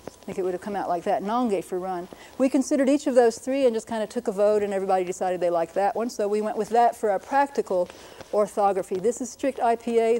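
A woman's voice: medium pitch, dark tone, slight background noise. A middle-aged woman linguist giving a patient, lightly humorous lecture on writing systems. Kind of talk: classroom-style lecture.

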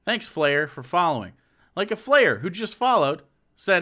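A man's voice: high voice, sing-song, moderate pace, bright, forceful tone. A man streaming live, reacting to a clip in a sarcastic, profane rant.

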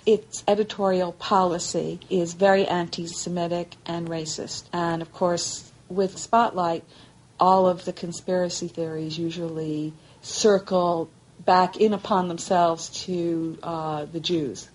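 A woman's voice: on the low side, fairly even intonation, a little slow, a little mellow, rough recording. A woman speaking for an advocacy group, answering interview questions firmly and dismissively.

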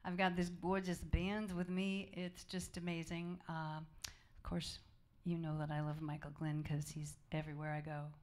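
A woman jazz singer in relaxed, chatty stage banter between songs at a small club, speaking softly with easy fillers and asides. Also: low-pitched, normal speed, few pauses. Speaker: jazz vocalist leading a band. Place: small live music club, indoors. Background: jazz band instruments.

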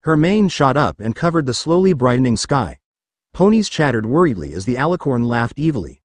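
Animated man narrating a story. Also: mid-range voice, brisk, no room sound. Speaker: story reader. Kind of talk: scripted narration of a fan story.

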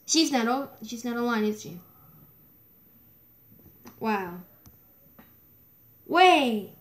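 A woman's voice: a little high, expressive, drawn-out words, pauses often, soft background music. A woman giving a chatty, easily exasperated running commentary as she plays a game and records a video on her phone. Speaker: gaming video creator. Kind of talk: casual running commentary while gaming. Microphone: phone microphone.

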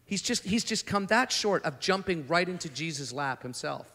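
A fairly high-voiced man preaches at a conference, his voice carrying a long hall reverb. He talks in a loose, conversational way, stumbles and restarts often, and slips into the voices of the people in the story he tells. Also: normal speed. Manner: animated, acts out the speakers in the story. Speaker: conference speaker. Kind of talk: sermon.

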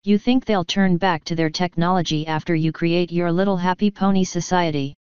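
Bedraggled female unicorn, bitter and desperate, a woman reader voicing her; smooth, low tone. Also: steady tone, moderate pace, darkish tone, no echo, lo-fi sound, lightly acted. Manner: bitter, intense.

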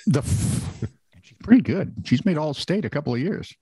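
A man's voice: fairly high pitch, expressive, normal speed, dark tone, breathy edge, no echo. A man co-hosting a casual comedic news podcast, reading odd stories and adding sarcastic jokes. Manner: wry, sarcastic joking. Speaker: podcast co-host.

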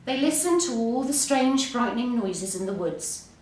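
A woman, an English teacher, reading a bedtime story aloud with expressive, unhurried storytelling. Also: on the high side, a little hiss or hum. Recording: roomy, distant mic.

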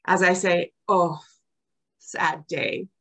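A woman's voice: extremely slow, gravelly. An older woman giving a prepared club speech, reciting her own poems and acting out the quoted lines. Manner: expressive, acts out quoted lines with big pitch jumps. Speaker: club speaker.

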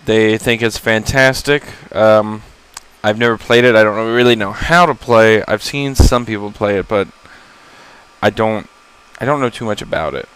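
Rambling young man, low voice, startled gamer. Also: moderate pace, fairly bright tone, smooth, rough recording. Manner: rambling, self-deprecating, easily startled, swears in surprise. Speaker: gamer recording a first-time playthrough. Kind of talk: casual gameplay commentary. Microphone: laptop setup.

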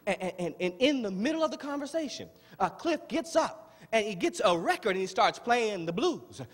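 A man preaching a sermon as pastor, rising from plain talk into shouted, pleading prayer with drawn-out words. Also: high-pitched, big pitch swings, husky. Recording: long hall reverb.

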